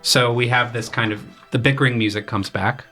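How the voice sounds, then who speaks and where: A young man speaks briskly in a mid-range voice with faint music behind him. As a graduate student composer on a podcast, he explains his opera casually, using many fillers and paraphrased quotes.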